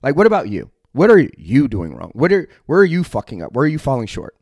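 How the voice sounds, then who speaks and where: A middle-aged American man talks straight into a close podcast mic, his voice dry with no room around it. He lectures in a blunt, confrontational way, cursing freely and pressing hard on every point, at an average pitch. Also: huge pitch swings, fast talker, a little mellow, slightly rough, no room sound. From United States. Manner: profane, aggressive, confrontational. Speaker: podcast host. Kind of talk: blunt motivational monologue.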